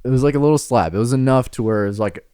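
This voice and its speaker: A man's voice: medium pitch, racing, warm tone, clear, resonant tone, dry recording, clean studio sound. A man hosting a podcast, telling a childhood story in casual chat, laughing often and acting out voices. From Mexican heritage. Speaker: podcast host.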